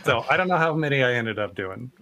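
A man's voice: medium pitch, animated, quick pace, pushed and bright. A man who makes games and voices some of their characters, chatting casually on a podcast and often laughing at himself. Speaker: game developer and voice actor.

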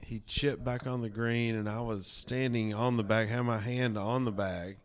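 A man's voice: medium pitch, steady tone, normal speed. A man, a caddie, telling a story in a laid-back way with plenty of "like" and casual swearing. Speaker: tour caddie, guest.

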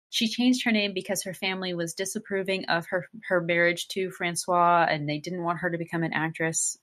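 A woman's voice: on the low side, fairly bright tone. A woman co-hosting a podcast, retelling a mystery plot in a wry, matter-of-fact way. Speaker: podcast co-host. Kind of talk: casual book discussion.

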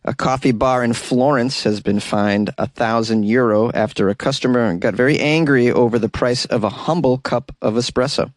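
A man's voice: medium pitch, normal speed, hardly any pauses, no echo, studio quality. A man hosting a radio talk show, reading news stories and adding wry, sarcastic asides in a casual way.

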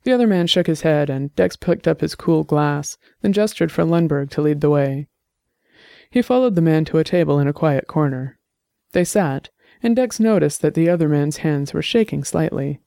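A narrator reading a story aloud in a steady, measured way. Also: medium pitch, vocal fry, no room sound, studio quality. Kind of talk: scripted audiobook narration.

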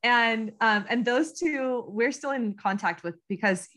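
A woman from the United States, in her thirties, tells a story as a guest on a casual podcast interview, peppering it with ums and laughter. Her voice is fairly high and fairly bright, and she talks a little slowly.

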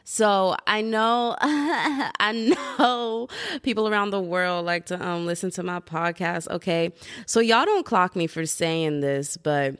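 A woman's voice: lowish voice, slow, fairly bright tone, clean tone, no room sound, clean studio sound. A young woman hosting a podcast alone, chatting casually in slang, hyping up her listeners and giggling as she rambles. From United States. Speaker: podcast host. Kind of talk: casual solo podcast chat.

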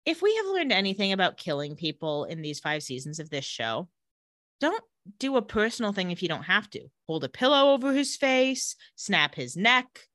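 A woman's voice: moderate pace, dry recording, studio quality. A woman co-hosting a podcast, casually recapping a TV episode and acting out the characters' lines. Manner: animated, dips into low voices for characters. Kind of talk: casual chat with acted-out quotes.

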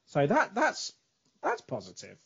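A man's voice: sits high, huge pitch swings, a little slow, creaky, fairly bright tone, husky, dull audio. A man co-hosting a casual podcast chat, leading the talk and steering the questions. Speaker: podcast co-host.

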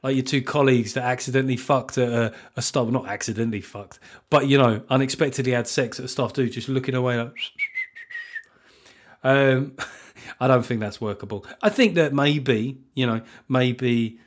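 Blunt, sweary podcast host. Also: male voice, mid-range voice, normal speed. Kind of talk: comic solo podcast monologue.

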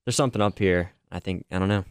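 A man joins the conversation on his podcast, thinking aloud with halting restarts. His voice sits very low and comes across smooth and resonant. It is recorded close and dry. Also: no echo. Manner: hesitant, restarts, reflective. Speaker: podcast co-host.

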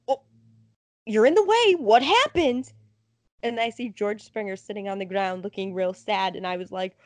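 A young adult woman co-hosting a casual chat, telling stories with lively acted-out quotes. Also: medium pitch, no room sound. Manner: animated storyteller, acts out quotes. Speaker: podcast co-host.

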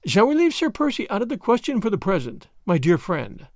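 A man's voice: high-pitched, huge pitch swings, fairly quick, darkish tone, no room sound, studio quality, full character voice. A man reading a story, voicing a witty, bored young French noblewoman with a gay, teasing manner. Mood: arch, teasing. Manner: gay, teasing, airy delivery.

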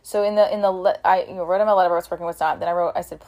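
A woman's voice: lowish voice, steady tone, rapid-fire, few pauses, darkish tone. Heated, frank woman venting. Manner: frank, heated, with profanity and restarts. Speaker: vlogger telling about a relationship. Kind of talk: emotional personal storytelling.

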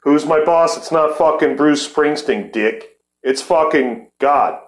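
A man's voice: fairly high pitch, slow pace, roomy sound. A man in his forties hosting a podcast, talking in a heated, profane casual chat and laughing often. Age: 40s. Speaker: podcast host.

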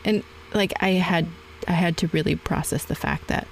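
A woman's voice: fairly low pitch, normal speed, a little hiss or hum, low-quality recording. A woman in her forties hosting a podcast interview, telling her own story and acting out past conversations. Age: 40s. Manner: animated storytelling, acts out past dialogue. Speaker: podcast host.

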